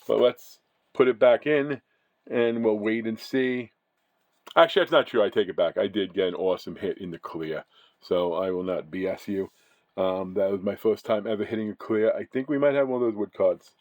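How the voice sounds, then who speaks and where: The recording is low quality, carrying a fairly low, darkish male voice. He runs a card-breaking channel and rambles casually while cracking open trading card packs, often correcting himself along the way.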